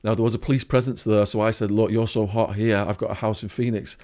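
A man's voice: on the low side, flat delivery, fast talker, darkish tone. A man with an English accent, a podcast guest telling a vivid story and acting out the voices of the people in it. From England. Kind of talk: storytelling interview.

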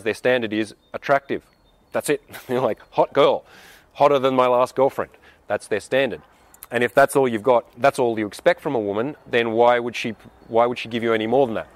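Man, dating coach monologue, blunt and emphatic, mid-pitched voice, dry close sound. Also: no room sound. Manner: blunt, emphatic, swears freely. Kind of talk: advice monologue answering a viewer question.

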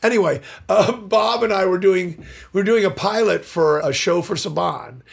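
A man's voice: high voice, normal speed, vocal fry, slightly rough. An older man, a voice actor guest, chatting animatedly in an interview and acting out the people in his stories. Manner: animated storyteller, acts out quotes, opinionated. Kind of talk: casual interview chat.

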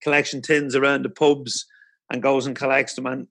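A man's voice: mid-range voice, little pitch movement, moderate pace, a bit bright. A man hosting an interview, asking questions with enthusiasm and frequent restarts. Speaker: podcast host. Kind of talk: casual interview.

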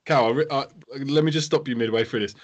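Joking podcast host. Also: male voice, mid-range voice, fast, muffled recording. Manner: jokey, teasing, cuts in to riff. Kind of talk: casual podcast chat.

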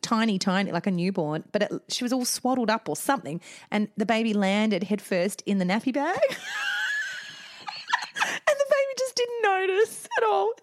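A woman's voice: sits high, dry recording. A woman co-hosting a podcast, chatting casually and telling funny stories with plenty of laughter. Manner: giggly, animated storyteller. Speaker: podcast co-host. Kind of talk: casual chat.

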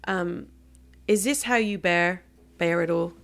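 Gravelly-voiced woman podcast host. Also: fairly low pitch, a little slow, a little hiss or hum. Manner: warm, emphatic, affirming listener. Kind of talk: conversational interview.

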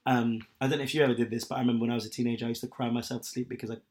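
A man's voice: medium pitch, level tone, racing, darkish tone. A young man chatting candidly and at length, rambling with lots of fillers. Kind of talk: casual chat.

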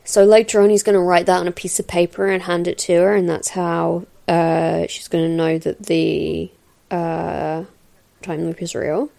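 On a new podcast mic, a woman hosts a casual film commentary, meandering through her thoughts with lots of fillers and little laughs. Her voice is fairly low, level, and mellow, with vocal fry and a normal speaking speed.

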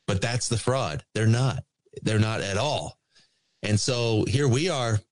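A man on a podcast, ranting emphatically and repeating his points with drawn-out stress. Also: fairly low pitch. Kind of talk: casual podcast rant.

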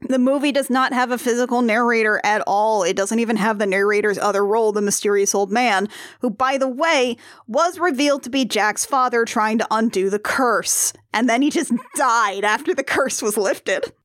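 A woman's voice: on the high side, moderate pace, no room sound, studio quality. A woman in casual chat, recapping a musical, laughing often and acting out the characters' lines.

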